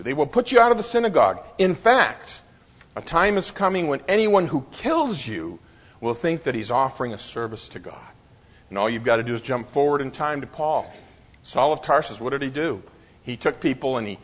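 A man preaching a sermon, pausing for effect and voicing the quotes he reads. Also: on the high side, slightly rough, long reverb tail. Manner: preaching with dramatic pauses and voiced quotes. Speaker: pastor.

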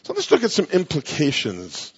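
A pastor with a husky, somewhat high voice preaches in a big hall with a long echo. He leans hard on key words and slows down to stress them, then drops in dry, wry asides. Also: huge pitch swings, dull audio. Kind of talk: sermon.

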